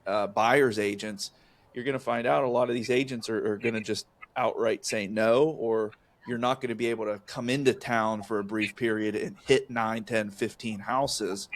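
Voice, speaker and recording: A man's voice: fairly low pitch, steady tone, normal speed. A man co-hosting a casual podcast chat, talking in a rambling, folksy way with lots of fillers and restarts. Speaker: co-host, real estate agent.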